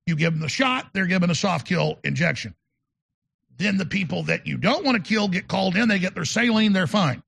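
A man's voice: sits high, animated, fairly quick, gravelly, fairly bright tone, slightly rough. A man hosting a talk show, delivering an emphatic, rambling monologue and often repeating words. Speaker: show host.

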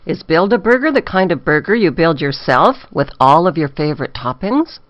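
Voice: medium pitch, very animated, moderate pace, a bit bright, no room sound, lo-fi sound. A documentary narrator reading a scripted, mocking satirical voice-over. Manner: mocking, sardonic.

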